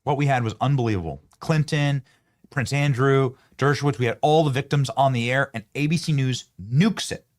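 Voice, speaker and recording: A man's voice: medium pitch, moderate pace. A man hosting a political commentary show, talking emphatically with sarcastic rhetorical questions. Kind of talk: opinionated commentary.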